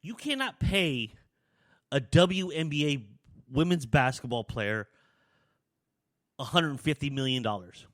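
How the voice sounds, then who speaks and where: A man hosts his own talk show, speaking in a loose, rambling monologue full of restarts and asides. His voice sits at an ordinary middle pitch, and he sounds a little out of breath as he goes. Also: animated, measured pace, long pauses, fairly bright tone. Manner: rambling, conversational, frequent restarts. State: slightly out of breath. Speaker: podcast host. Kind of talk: casual opinion monologue.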